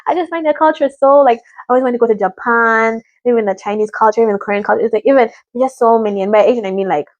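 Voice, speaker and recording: A woman's voice: on the high side, very fast, no echo, lo-fi sound. A woman from Africa in a rambling, chatty review of a reality show, often mimicking what others said. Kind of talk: casual chat.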